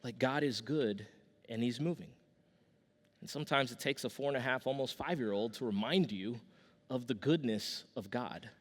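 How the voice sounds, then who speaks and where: A man's voice: medium pitch, normal speed. A man in his thirties preaching a sermon as pastor, telling stories conversationally with restarts and a casual "y'all". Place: church sanctuary with long reverb. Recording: long hall reverb from a church.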